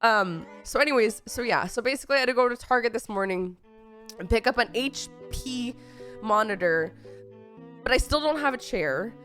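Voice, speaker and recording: A young woman streamer with a slightly high voice, fighting off a cold as she chats. She rambles through a long story, breaking off into exasperated asides. Soft music plays behind her. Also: animated, normal speed. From Texas. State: sick with a cold. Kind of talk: casual livestream chat.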